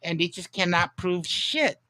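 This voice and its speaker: A man's voice: high-pitched, expressive, measured pace, a crowd in the background. A man hosting a casual livestream chat, emphatic and repetitive, swearing now and then. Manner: emphatic, repeats himself, swears. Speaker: livestream host.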